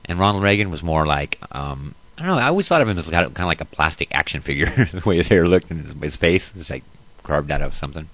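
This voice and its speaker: A man's voice: extremely low pitch, animated, fast talker, a bit bright, no echo. A man hosting a casual commentary show who reads news aloud and then rants about it, profane and blunt. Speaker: host.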